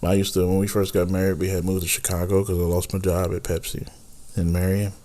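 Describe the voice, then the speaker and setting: Very deep-voiced tired man, rambling playfully. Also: little pitch movement, quick pace, warm tone. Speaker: podcast co-host. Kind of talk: casual married-couple chat.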